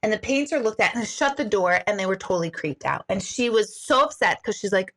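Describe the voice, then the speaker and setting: Animated woman medium telling a story. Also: medium pitch, brisk, hardly any pauses. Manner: animated, laughs often, many fillers like "like" and "right?". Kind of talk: casual storytelling to viewers.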